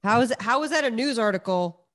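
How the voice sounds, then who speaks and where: A woman's voice: fairly high pitch, expressive, quick pace, fairly bright tone, no room sound, clean studio sound. A woman co-hosting a podcast in casual chat, teasing and laughing as she talks. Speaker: podcast co-host.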